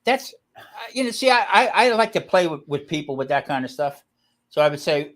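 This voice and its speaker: A man's voice: on the high side, a little fast. A man on a casual live video chat, telling jokey stories as a guest cook. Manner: animated, jokey storyteller. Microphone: video call.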